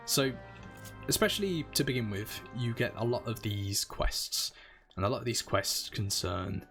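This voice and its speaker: Male streamer, low voice, chatty rambling game commentary. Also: lively intonation, unhurried, pushed and bright, faint music behind. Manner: chatty, rambling, explains as he plays. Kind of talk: casual gameplay commentary.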